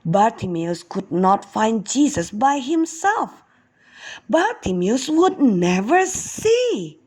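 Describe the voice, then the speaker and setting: A woman kindergarten teacher telling a Bible story to young children in an expressive, slow storytelling way. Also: fairly high pitch, breathy edge.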